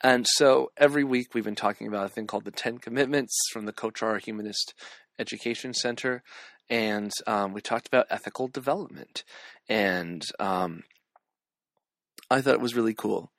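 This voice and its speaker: A man's voice: fairly low pitch, normal speed, fairly bright tone, no echo. A man from California doing a casual news roundup vlog, talking hesitantly with many ums and restarts. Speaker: vlogger and community organizer.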